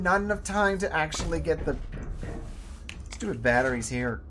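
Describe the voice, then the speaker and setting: A man giving casual commentary while playing a game, chatty and talking to himself, now and then jumping up loud and high when excited. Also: normal speed, slight background noise. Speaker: gameplay video host.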